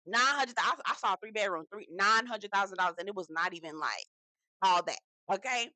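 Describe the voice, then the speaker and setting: A young woman gives a sassy, animated recap of a reality show, talking straight to her viewers and calling them "girl.". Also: medium pitch, brisk, dry recording. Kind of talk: casual recap commentary.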